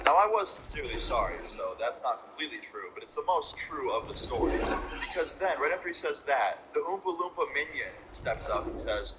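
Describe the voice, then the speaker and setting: A young man telling a storytime vlog in an animated, mocking, profane way. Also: mid-range voice, fairly quick. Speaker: vlogger. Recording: loud hissy home recording.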